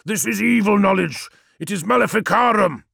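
A man's voice: sits high, moderate pace, gravelly, a bit bright, no echo, clean studio sound, voice pushed up, heavily acted. A man voicing a furious male wolf warrior who snarls and growls his threats, in an audiobook.

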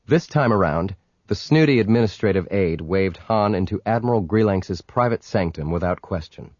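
A man narrating an audiobook with measured, dramatic storytelling. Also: low-pitched, expressive, a little mellow, no room sound, dull audio. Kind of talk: scripted narration.

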